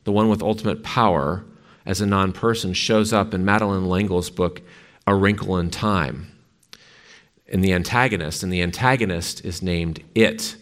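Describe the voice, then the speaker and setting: A very deep-voiced male preacher delivers a sermon. He reads a story aloud with strong emphasis and dramatic pacing. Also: moderate pace. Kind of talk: sermon with a dramatic book reading.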